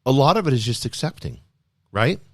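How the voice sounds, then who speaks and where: A man hosting a podcast, speaking in an energetic, emphatic motivational style full of rhetorical questions. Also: mid-range voice, brisk, dry recording, clean studio sound. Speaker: podcast host. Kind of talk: motivational solo talk.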